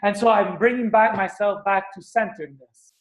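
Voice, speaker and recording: Earnest male spiritual teacher, animated motivational talk. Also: high-pitched, moderate pace. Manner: earnest, animated, acts out screams and stomps.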